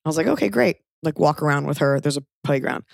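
Talking fast in a low, flat voice with vocal fry, a podcast host in her thirties rambles through a casual story, heavy on fillers and cursing. The recording is dry and studio quality.

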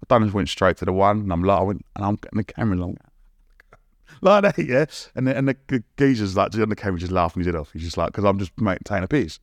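A man's voice: on the low side, fast, no echo. Man, London accent, podcast guest, chatty anecdote, cheeky and blunt, dry close sound. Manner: lively anecdote-telling, acts out quotes, laughs often; blunt and cheeky, swears casually. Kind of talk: casual storytelling.

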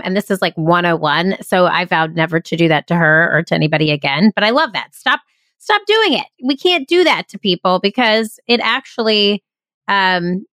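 A woman's voice: on the low side, fairly bright tone, no room sound, clean studio sound. A woman hosting an interview podcast, talking in an effusive, enthusiastic way. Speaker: podcast host. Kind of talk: casual interview chat.

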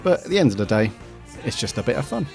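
A man hosting a podcast, talking in a relaxed, friendly way and thanking listeners. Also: mid-range voice, quick pace, creaky, soft background music. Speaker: podcast host and founder. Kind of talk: casual chat.

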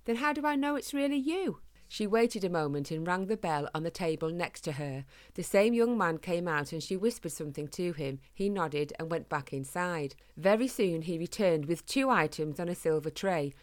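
A woman reading a children's storybook aloud in a gentle, measured way. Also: sits low.

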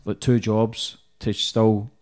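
A man hosting a casual interview, asking relaxed questions and swearing offhand. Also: lowish voice, slow pace. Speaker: podcast host.

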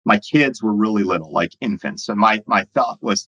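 A man's voice: on the low side, animated, moderate pace, few pauses, bright, forceful tone, highs cut off. A man who runs his own business, telling stories in a casual, rambling way full of fillers. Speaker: entrepreneur and business owner guest. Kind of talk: casual storytelling.

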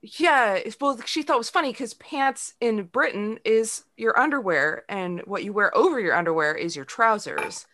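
Woman co-host, bright voice, lively anecdotal chat. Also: fairly high pitch, normal speed, few pauses, a little hiss or hum. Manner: laughs often, animated storytelling. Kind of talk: casual chat.

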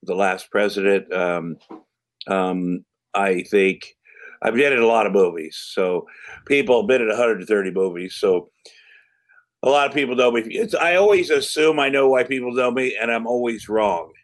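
Hesitant middle-aged man, low voice. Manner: hesitant, halting, many fillers and restarts. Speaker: podcast guest, actor and comedian. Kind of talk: casual interview answers.

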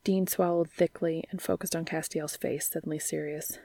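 A reader, a woman, tells a story aloud in a soft half-whisper, her low voice creaky. She keeps a moderate pace and fairly even intonation with hardly any pauses, and the recording is dry and close to the mic.

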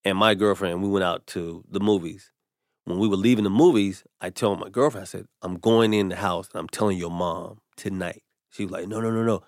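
A man with a fairly low voice tells a personal story in a relaxed podcast chat. He slips into the voices of the people he quotes. The sound is dry and close to the mic. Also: a little fast, dry recording. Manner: animated storyteller acting out quotes. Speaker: comedian guest. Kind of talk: casual storytelling.

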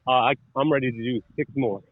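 A man's voice: mid-range voice, steady tone, fast, no room sound, narrow, tinny audio. A man wearing a mic on the field, out of breath and joking about himself. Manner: jokey, self-mocking. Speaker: mic'd-up player. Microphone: wireless mic worn on the field.

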